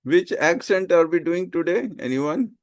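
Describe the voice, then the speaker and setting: A man's voice: sits high, expressive, measured pace, dry recording, clean studio sound. A man teaching a live class, asking his students questions as he goes. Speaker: IELTS teacher.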